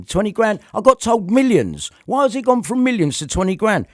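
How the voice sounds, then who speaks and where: Bloke ranting at the camera, bit high voiced, swears a lot. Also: male voice, big pitch swings, a little fast, no echo, studio quality. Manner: heated, repetitive, swears often. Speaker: vlogger. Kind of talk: angry rant to camera.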